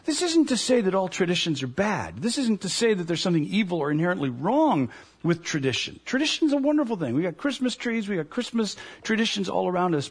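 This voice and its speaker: A man preaching a sermon, animated and storytelling, acting out the voices of the people he talks about. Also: high voice, breathy edge. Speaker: pastor.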